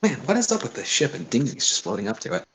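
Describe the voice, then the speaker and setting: A man's voice: medium pitch, huge pitch swings, fast, slight background noise. A man narrating as game master of a tabletop game, casual and descriptive, often correcting himself.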